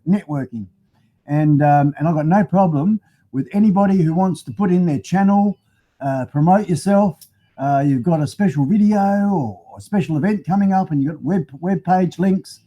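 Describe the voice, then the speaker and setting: A man's voice: on the high side, mellow. A middle-aged Australian man hosting a live stream from a home garage full of motorbikes, talking into a phone used as a webcam, rambling and chatty, laughing often and swearing mildly. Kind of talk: casual live-stream chat.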